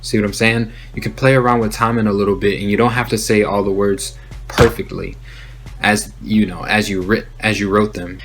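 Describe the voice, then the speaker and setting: A young man hosting a rap-writing tutorial, explaining in a relaxed, conversational way and rapping short examples aloud. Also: lowish voice, brisk. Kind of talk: casual instructional talk.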